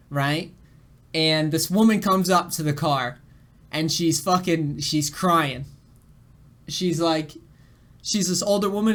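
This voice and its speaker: A man's voice: fairly high pitch, fairly bright tone. A young man streaming games, his voice shaky after crying, telling a rambling story to his chat with laughs and restarts. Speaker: game streamer. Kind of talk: casual storytelling to a live chat.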